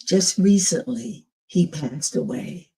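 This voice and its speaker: An older woman tells her own testimony slowly and earnestly, acting out what others said along the way. Her voice is husky and mellow, a little low for a woman. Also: expressive. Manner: earnest, slow storytelling with acted quotes. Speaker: podcast host telling her own story. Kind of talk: personal testimony.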